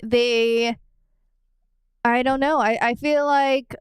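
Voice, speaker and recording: Smooth high-voiced female podcast co-host. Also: fairly even intonation, dry recording, studio quality. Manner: chatty, repeats herself, quick laughs. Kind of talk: casual chat.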